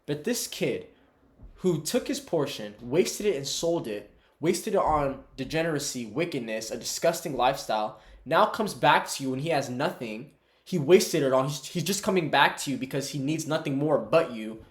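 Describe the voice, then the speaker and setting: A man's voice: on the high side, expressive, moderate pace, echoey room, natural voice. A man voicing a resentful, loyal elder son who complains indignantly.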